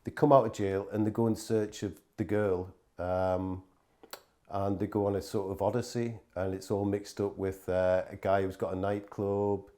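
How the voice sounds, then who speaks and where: A man's voice: fairly low pitch, level tone, normal speed, dark tone. Rambling man telling stories. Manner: rambling, with frequent fillers, swearing and acted-out quotes. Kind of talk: casual anecdotal storytelling.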